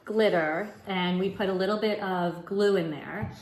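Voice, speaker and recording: A woman's voice: mid-range voice, fairly even intonation, moderate pace. A woman who is an educator, leading a casual home lesson with children, often prompting them with "right?" and some fillers. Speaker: educator leading a mindfulness activity. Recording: echoey room, faint noise.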